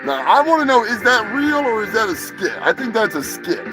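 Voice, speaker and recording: A man hosting a live show, rambling and joking crudely in casual chat, sounding high. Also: very animated, a little fast, over music, poor audio. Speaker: host.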